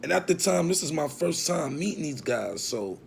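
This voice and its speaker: A man's voice: fairly high pitch, very animated, normal speed, gravelly, slight background noise. A man telling a long, rambling, profane story about his past in a casual way.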